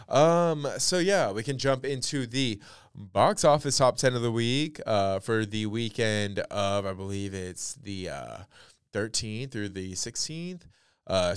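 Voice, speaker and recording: A man's voice: on the low side, smooth, no room sound, studio quality. A young man hosting a casual pop culture podcast alone, chatty and blunt, with lots of fillers and some swearing. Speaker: podcast and radio host.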